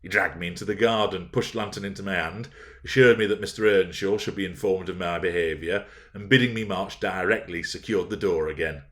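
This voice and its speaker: A man narrating a classic novel in a measured, expressive storytelling manner. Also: deep voice. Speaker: audiobook narrator. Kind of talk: dramatic novel reading.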